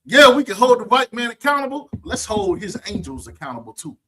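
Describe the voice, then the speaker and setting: A husky-voiced man leads an online scripture lesson, preaching with a mocking edge. He keeps checking in with his listeners, asking whether they understand. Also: very high-pitched, big pitch swings, fairly quick, pushed and bright. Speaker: scripture teacher.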